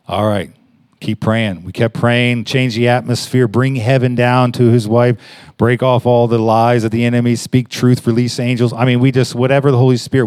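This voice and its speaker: A man preaching in a conversational way, telling a story with halting restarts and rising emphasis. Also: medium pitch, darkish tone, dry recording, studio quality. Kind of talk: conversational sermon.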